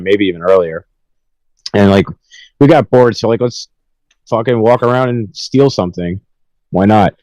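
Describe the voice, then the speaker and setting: A man's voice: on the low side, darkish tone, dry recording, low-quality recording. A young man telling rambling, profanity-filled stories with laughs in a casual podcast chat. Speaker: podcast host.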